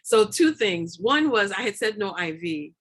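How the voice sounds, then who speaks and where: A woman's voice: mid-range voice, big pitch swings, unhurried, breathy edge. A woman doula talking as a guest in a casual interview, rambling with many fillers and repeated words, often laughing. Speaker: doula and lactation consultant, guest.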